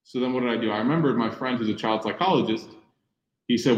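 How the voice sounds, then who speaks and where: Lively preacher man in an echoey room. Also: medium pitch, quick pace. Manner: lively storyteller, acts out voices in quotes. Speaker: Muslim speaker giving a talk. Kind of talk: sermon with personal stories. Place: room with audience.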